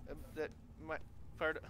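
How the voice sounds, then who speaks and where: A man's voice: a little slow, sharp tone. A man playing a game with a friend, talking casually, swearing often and laughing easily. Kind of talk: casual gaming chat.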